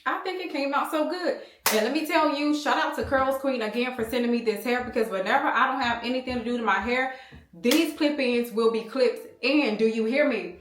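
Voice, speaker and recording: Filming on a small handheld camera in a room at home, a thirtysomething American beauty vlogger rambles casually to her viewers, calling them y'all. She talks briskly in a high voice. The recording is reverberant, with a little hiss or hum underneath.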